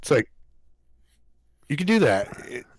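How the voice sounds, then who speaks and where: A man's voice: mid-range voice, very animated, a little slow, husky, no room sound. A man hosting a casual podcast chat, telling stories animatedly, acting out quotes, swearing and laughing. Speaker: podcast host.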